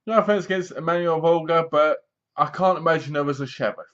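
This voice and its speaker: A man's voice: a little high, a little fast. Rambling man reviewing a film, English accent. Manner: rambling, animated, sarcastic-sounding. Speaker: movie reviewer. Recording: dull lo-fi recording.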